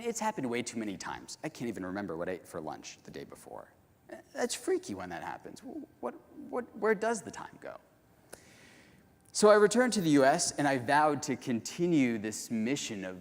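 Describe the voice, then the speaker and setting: Male keynote speaker, lively storytelling delivery, hall reverb. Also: medium pitch. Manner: animated, addresses the audience directly. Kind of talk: storytelling conference talk. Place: large conference hall.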